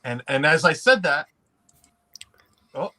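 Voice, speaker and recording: A man's voice: fairly high pitch, animated, pushed and bright. A man hosting a casual livestream, rambling with frequent restarts and laughs while greeting chat. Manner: rambling, self-interrupting, quick to laugh. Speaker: livestream host.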